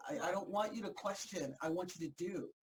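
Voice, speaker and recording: A woman hosting a motivational group talk, energetic and emphatic, repeating herself for effect and breaking easily into laughter. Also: on the low side, a little fast, background noise. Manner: energetic, fired-up, emphatic repetition. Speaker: host and motivational coach.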